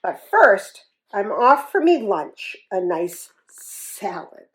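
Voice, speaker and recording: A woman's voice: mid-range voice, sing-song, slow, rough recording. A woman voicing a blustering, taunting male elephant bully in a children's story. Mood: cheerful.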